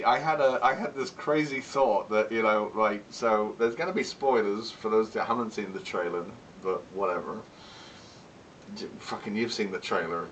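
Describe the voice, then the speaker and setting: A man with a fairly low voice talks casually to his viewers, rambling, candid and quick to swear, with chuckles between remarks. He sits a little back from the mic, and a faint rumble runs under the recording. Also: far from the mic, poor audio. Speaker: vlogger. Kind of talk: casual vlog chat.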